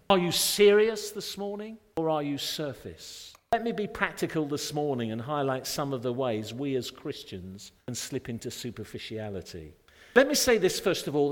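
A man preaching a sermon as pastor, earnest and direct, asking his congregation pointed rhetorical questions. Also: a little high. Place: church sanctuary. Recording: long reverb of a church hall.

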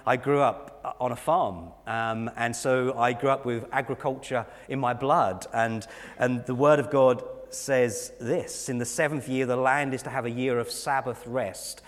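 Earnest preaching man in a reverberant church. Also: mid-range voice. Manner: earnest, builds to a raised preaching voice. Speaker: pastor. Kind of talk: sermon. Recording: long reverb of a church hall.

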